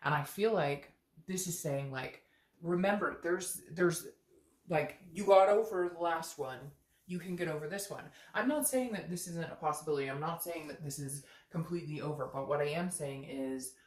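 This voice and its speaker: A woman's voice: low voice, normal speed, echoey room. A woman giving a casual, earnest tarot reading to camera, chatty and thinking aloud with many fillers. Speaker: tarot reader.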